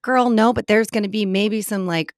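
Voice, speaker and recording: A woman in her thirties co-hosting a podcast in casual chat, emotional and gushing with quick asides. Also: medium pitch, steady tone, no room sound, studio quality. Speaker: podcast co-host.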